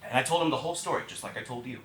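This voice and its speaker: A man performing a one-man theatrical storytelling show with an American accent, animated and acting out other people's lines. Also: mid-range voice, very fast, a little hiss or hum. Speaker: solo stage performer. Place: small theater stage. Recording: echoey theater room with faint ambience.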